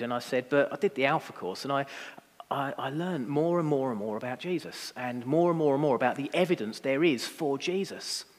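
Preacher in a reverberant hall. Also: male voice, mid-range voice. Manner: conversational, self-deprecating storytelling with many fillers. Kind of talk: sermon. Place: church hall.

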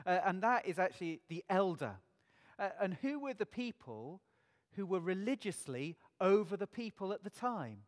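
A man's voice: high-pitched, sing-song, moderate pace. Man, sermon, earnest preacher, rhetorical questions, long church reverb.

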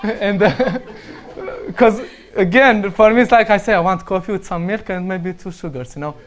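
A young Romanian man with a Romanian accent tells casual stories, laughing often as he goes. His voice sits high and he speaks at normal speed.

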